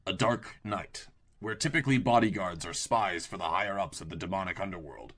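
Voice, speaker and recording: A man's voice: sits low, a little fast, fairly bright tone. A man doing a guarded, terse young man. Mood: explaining. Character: guarded young man, secretive former bodyguard.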